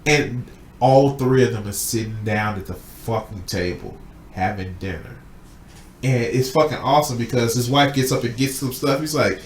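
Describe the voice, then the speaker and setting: A podcast host with a medium-pitched voice retells a film plot during a casual chat, animated and swearing a lot as he acts out quotes. He talks at a normal speed. The room is echoey, with a little hiss or hum.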